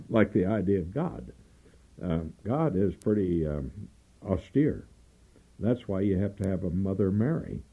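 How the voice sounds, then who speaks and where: An older man, a trial lawyer, telling long stories in an interview and often clearing his throat. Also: low-pitched. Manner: rambling storyteller, frequent throat clearing. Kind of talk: oral history interview, storytelling. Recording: dull lo-fi tape, faint music.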